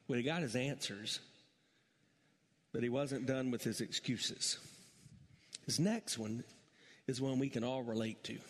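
A man's voice: medium pitch, unhurried, pauses often, big-room sound. A male senior pastor delivering a sermon, talking emphatically and building in intensity.

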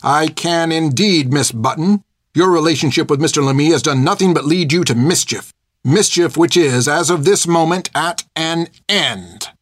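A man's voice: a little high, moderate pace, fairly bright tone, dry recording, studio quality, voice pushed up. A man voicing a stern, strict older nun who speaks in a clipped, formal and severe way.

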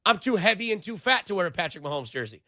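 A young man hosting a sports radio show in a studio, talking in an animated, rambling way full of playful comparisons. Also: sits high, fast, no room sound. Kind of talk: casual sports radio banter.

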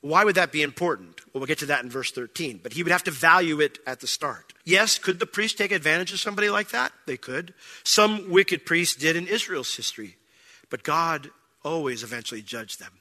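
A man's voice: fairly high pitch, animated, brisk, bright, forceful tone. A man preaching a verse-by-verse sermon as pastor, talking in a conversational way and acting out little scenes with different voices. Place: church sanctuary. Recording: long hall reverb.

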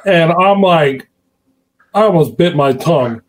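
A man hosting a show, talking in a relaxed, affectionate way and spinning anecdotes. His voice sits a little high for a man. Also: a little slow, rough recording. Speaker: radio show host. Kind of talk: casual chat.

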